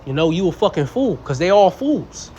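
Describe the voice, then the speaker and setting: A man's voice: high-pitched, sing-song, moderate pace, mellow, dull audio, a little hiss or hum. A young man teaching scripture in a blunt, profane, casual way, mocking fools and quoting verses. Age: young adult. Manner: blunt, profane, mocks foolish people in voices. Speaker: street preacher.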